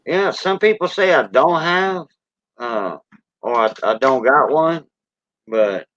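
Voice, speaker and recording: This host, an older South Louisiana man with a Cajun accent whose first language is French, rambles folksily through a casual livestream chat. He speaks slowly and expressively in a medium-pitched, slightly bright voice, captured in dull, dry lo-fi audio.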